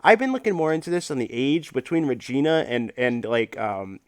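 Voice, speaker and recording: A man's voice: mid-range voice, expressive, clear, resonant tone, no echo, clean studio sound. A man hosting a livestream, ranting in casual, profane chat full of fillers. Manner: profane, rambling, fast-talking rant. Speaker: livestream host.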